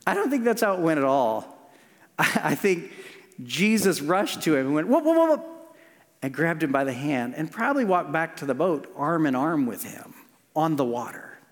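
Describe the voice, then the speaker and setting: A man preaching a sermon as pastor, telling stories with restarts and moving between lively and hushed passages. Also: a little high, moderate pace. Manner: storytelling with frequent restarts, swinging between animated and hushed. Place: church sanctuary. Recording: long church reverb.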